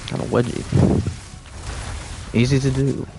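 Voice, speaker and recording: A man's voice: medium pitch, flat delivery, unhurried. A man with a Texan accent, rambling casually to himself as he films a vlog. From Texas. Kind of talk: casual musing vlog talk. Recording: noisy background.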